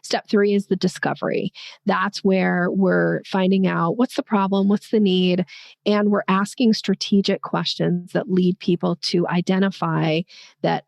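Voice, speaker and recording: A woman talks through a sales method step by step in a lively, conversational way. Her voice has a gravelly, fry-touched edge. The recording is dry and close, with no room sound. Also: fairly low pitch, unhurried, no room sound. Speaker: sales coach and podcast guest.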